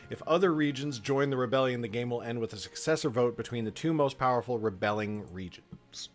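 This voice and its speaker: A relaxed man hosting a live game stream, reading rules aloud and chatting with viewers in a mid-pitched voice. Quiet music plays faintly in the background. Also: brisk, hardly any pauses. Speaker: streamer running a game for chat. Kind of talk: casual live-stream narration.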